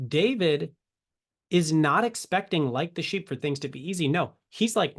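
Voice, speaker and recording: Man, ministry teacher, casual scripture talk with rhetorical questions, a bit higher voice. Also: animated, moderate pace. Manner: conversational, rhetorical questions, self-corrections. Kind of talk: casual Bible teaching to camera.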